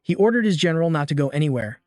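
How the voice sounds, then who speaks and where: A man reads a story recap aloud in a steady, scripted manner, his slightly high voice barely shifting for the characters' dialogue. He races along, and the sound is dry and close with faint music beneath and no room sound.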